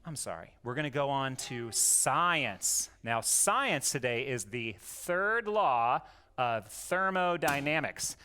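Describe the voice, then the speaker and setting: A man runs a homeschool lesson for his young daughters in a jokey, coaxing way. His voice is smooth and clear. He talks at a slow, easy pace. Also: mid-range voice, expressive, pushed and bright. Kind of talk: playful lesson for young children.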